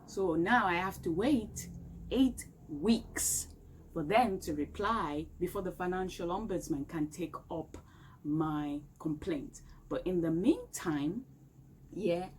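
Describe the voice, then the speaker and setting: A woman's voice: fairly low pitch, a little mellow, rough recording. A woman vlogging an emphatic, exasperated complaint from her home. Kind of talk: complaint rant to camera. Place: home room, indoors. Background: faint outdoor street noise.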